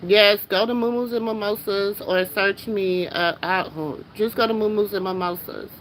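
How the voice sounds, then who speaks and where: A woman vlogger talking casually and emotionally to her viewers, excited and exclamatory, repeating herself often. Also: medium pitch, normal speed, a little hiss or hum, rough recording.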